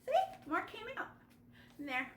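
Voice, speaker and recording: A woman teaching children a step-by-step painting lesson over a video call, animated and coaxing. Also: sits high, measured pace, echoey room, a little hiss or hum. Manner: animated, gasping with delight, coaxing young kids. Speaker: art teacher.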